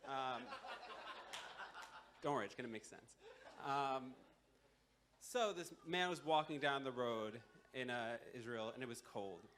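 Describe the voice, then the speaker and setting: Brief: young male storyteller, mid-pitched, relaxed and wry, lots of ums. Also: measured pace, pauses often, a little hiss or hum. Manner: casual, filler-heavy, wry asides. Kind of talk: live folktale storytelling. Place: live university culture show.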